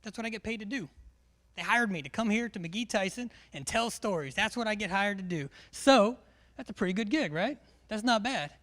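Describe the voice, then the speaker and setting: A man's voice: sits high, expressive, fairly quick, fairly bright tone. A man, a military instructor giving a live classroom briefing in a large hall, joking and quizzing his audience.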